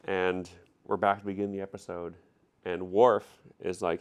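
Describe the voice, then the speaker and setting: A man's voice: sits low, level tone, unhurried. A man casually retelling a story for laughs, flippant and slangy, laughing often and loosely voicing the characters he quotes. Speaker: storyteller recapping an episode.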